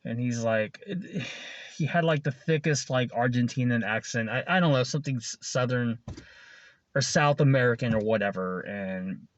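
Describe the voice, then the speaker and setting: A man's voice: mid-range voice, moderate pace, dry recording. A man who works as a food delivery driver telling a story in a casual, rambling way, swearing often and chuckling between lines. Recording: dull lo-fi recording.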